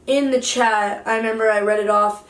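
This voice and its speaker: A woman's voice: on the high side, fairly even intonation, normal speed. A young woman vlogger giving a heated, indignant storytime rant to the camera. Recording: roomy echo, distant from mic.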